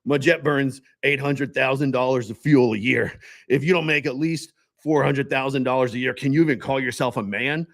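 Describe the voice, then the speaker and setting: A man's voice: mid-range voice, normal speed, vocal fry, lightly acted. A man doing an impression of a boastful, wealthy male business guru who brags and pushes hard. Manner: bragging, hard-selling.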